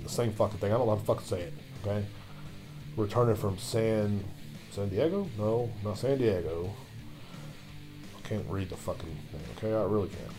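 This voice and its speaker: A man with a lowish voice holds forth on his solo podcast, cursing in nearly every sentence and drifting from point to point between sips of beer. Soft guitar music plays faintly under him. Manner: loose, swearing constantly, drinking beer while talking. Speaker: podcast host. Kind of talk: profane solo podcast rant.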